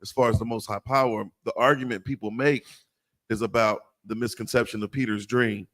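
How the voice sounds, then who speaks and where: A man in a Bible class making measured points, now and then stumbling over his words. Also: on the low side, steady tone, fairly bright tone. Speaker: class member. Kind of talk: classroom comment.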